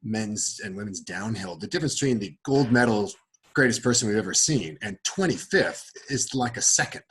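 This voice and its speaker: A man's voice: fairly low pitch, animated, moderate pace, fairly bright tone, husky. A man interviewing a guest on a webinar, murmuring as he listens and asking questions with some hesitation. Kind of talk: conversational interview.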